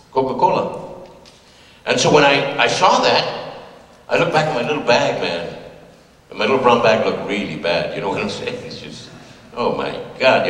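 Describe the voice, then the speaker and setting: A man's voice: mid-range voice, a bit bright. An older man from California telling personal stories to an audience in a folksy, conversational way, laughing now and then at his own jokes. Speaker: speaker giving a talk. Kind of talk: storytelling talk to an audience. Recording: echoey hall, voice from far off.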